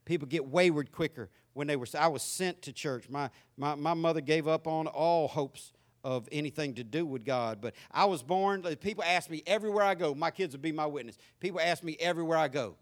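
A man in his fifties with a Southern accent, preaching a sermon and telling his own story in a folksy, animated way, swinging from loud to quiet. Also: on the high side, fairly quick. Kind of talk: sermon with personal testimony.

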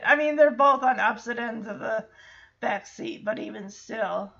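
Woman, high voice, casual recap chat, animated, slightly muffled recording. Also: normal speed, gravelly. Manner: animated, laughing, acts out characters. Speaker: show recapper.

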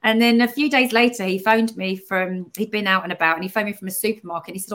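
A woman's voice: medium pitch, steady tone, fast, hardly any pauses, fairly bright tone. A woman guest telling a personal story in casual chat over a video call, emotional and laughing often. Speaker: book co-author, guest.

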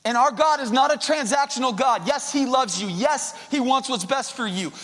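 High-voiced preaching man in reverberant hall. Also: moderate pace. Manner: conversational preaching, swings from quiet to loud. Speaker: pastor. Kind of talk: sermon. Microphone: handheld microphone.

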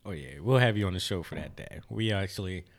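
A man's voice: sits low, lively intonation, quick pace, gravelly. A young man, a podcast guest, rambling through stories and laughing through his words. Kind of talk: casual chat.

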